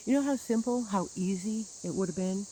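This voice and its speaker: A woman's voice: medium pitch, warm tone, a little hiss or hum, rough recording. A woman telling a personal grievance story in a bitter, sarcastic monologue with wry laughs. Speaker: churchgoer recounting grievances.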